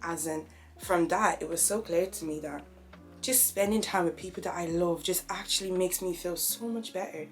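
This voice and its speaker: A woman's voice: fairly low pitch, normal speed, faint music behind. A young woman, talking openly and reflectively in a personal vlog. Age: young adult. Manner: open, conversational, reflective. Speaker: vlogger.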